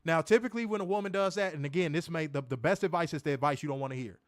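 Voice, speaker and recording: Guy with a high voice going off on a wrestling show, cussing a lot, dry mic. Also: racing, no echo. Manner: loud profane ranting; calmer advice-giving. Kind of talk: ranting commentary.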